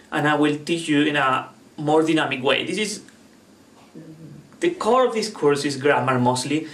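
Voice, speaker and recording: A man teaching Spanish online, speaking with earnest, rambling encouragement. His voice sits a little on the high side. The room rings around him, and he sits back from the microphone. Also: a bit bright, far from the mic. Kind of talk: online language lesson. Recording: echoey room, off the mic.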